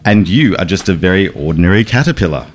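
A man's voice: sits low, animated, fast talker, soft background music. A man voicing a proud, showy male bowerbird in a children's story.

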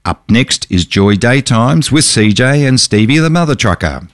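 A man reading the radio news and weather in a steady, scripted way. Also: medium pitch, normal speed. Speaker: newsreader. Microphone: studio microphone.

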